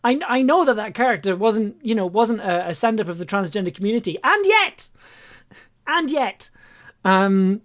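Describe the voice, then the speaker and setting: A woman's voice: medium pitch, brisk, few pauses. A woman chatting loosely on her own live stream about making an audio piece, rambling and laughing often at herself. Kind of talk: casual live-stream chat.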